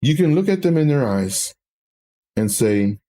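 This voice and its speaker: A man's voice: medium pitch, sing-song, unhurried, warm tone. A man hosting a trading livestream, talking in a rambling, casual way with self-mocking asides. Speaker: trading stream host.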